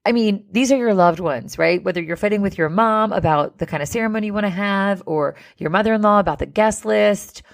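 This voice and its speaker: A woman hosting a wedding-advice podcast, talking casually with many "like" and "right?" fillers. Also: on the low side.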